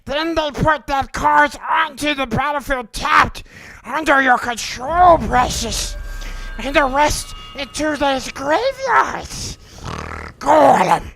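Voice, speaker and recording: Gollum, a creaky high wretch. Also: male voice, expressive, slow pace, bright, forceful tone, exaggerated voice, low-quality recording. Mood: hissing. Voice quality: creaky, hissing. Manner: argues with himself, broken grammar. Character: wretched hissing male creature, split mind, obsessed.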